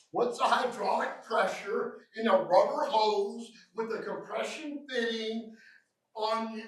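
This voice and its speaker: Joking Southern trainer in an echoey room. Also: male voice, sits high, fairly bright tone. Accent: American Southern. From American South. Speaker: refrigeration trainer. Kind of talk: lively live training talk. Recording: echoey room, mic at a distance.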